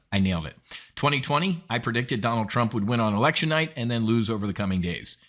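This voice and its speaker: A man's voice: fairly low pitch, animated, fairly quick, fairly bright tone. A man hosting an options trading show, giving blunt, indignant market commentary with emphatic outbursts.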